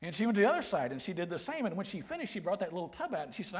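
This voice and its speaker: A man, preaching a sermon with folksy, humorous storytelling and quiet, earnest emphasis. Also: high voice, very animated, racing. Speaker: pastor. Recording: long hall reverb.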